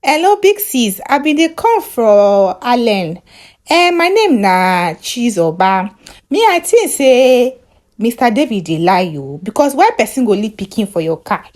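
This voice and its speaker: A Nigerian woman voicing a suspicious female caller who speaks slowly. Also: medium pitch, sing-song, darkish tone. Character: gossipy female radio caller.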